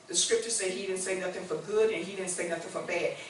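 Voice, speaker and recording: A woman's voice: fairly low pitch, fairly even intonation, fast talker, slight background noise. A woman in her sixties preaching a sermon with call-and-response, moving between conversational talk and emphatic declarations. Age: 60s. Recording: echoey church room, mic far off.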